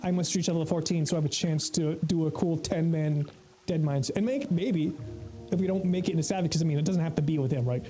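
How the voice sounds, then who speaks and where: Man, American accent, gaming streamer, casual chatter, frequent swearing, warm tone. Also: a little high, fast talker, faint music behind, low-quality recording. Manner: chatty, swears freely, laughs often. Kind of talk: casual gaming livestream commentary.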